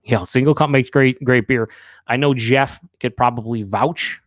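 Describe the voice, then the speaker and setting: A man's voice: mid-range voice, unhurried, no room sound, clean studio sound. A man hosting a live beer review. He talks casually and candidly, rambles with fillers, swears now and then, and reads out viewers' chat comments.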